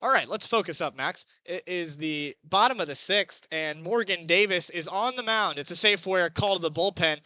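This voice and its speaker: Young guy calling a ball game, high voice, super clear, dry close mic. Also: moderate pace, few pauses, dry recording, low-quality recording. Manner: chatty, excitable, rises on big plays. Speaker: play-by-play announcer. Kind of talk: baseball play-by-play commentary.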